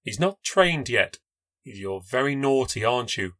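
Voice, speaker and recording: A man voicing a kind middle-aged female neighbour who is a nurse, speaking gently and soothingly. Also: mid-range voice, expressive, a little slow. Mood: gentle.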